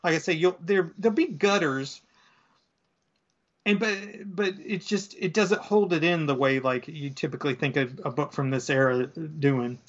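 A man's voice: a little high, moderate pace. Rambling man retelling a comic. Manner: rambling, filler-heavy, animated storyteller. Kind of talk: casual retelling of a comic story. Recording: dull lo-fi sound.

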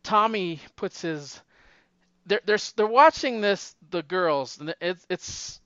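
A man casually retelling a movie plot, animated and acting out the characters' lines in raised voices. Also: high voice, takes it slowly, clean tone, no echo, lo-fi sound.

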